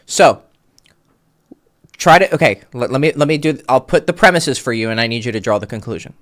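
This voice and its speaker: A man's voice: medium pitch, a little fast, a bit bright. A man working as a dating coach, talking a client through his mistakes on a call in a blunt, casual way that includes swearing.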